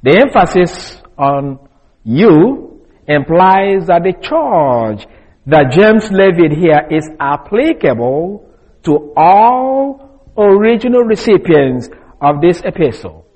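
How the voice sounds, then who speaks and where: A man teaching from the Bible in a deliberate, explanatory way, pausing often with small fillers. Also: high-pitched, sing-song, a little mellow, poor audio.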